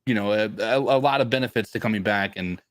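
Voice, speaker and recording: A man co-hosting a sports podcast, speaking haltingly with frequent restarts. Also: on the low side, no room sound. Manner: halting, many fillers and restarts. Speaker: podcast co-host. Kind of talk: casual postgame talk.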